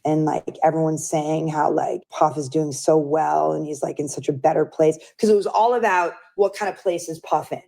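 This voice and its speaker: A woman's voice: deep voice, fairly even intonation, moderate pace, vocal fry, hardly any pauses, dark tone. A woman telling a personal story in a casual interview, chatty and full of fillers. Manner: chatty, filler-heavy, acts out quoted voices. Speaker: friend recounting events.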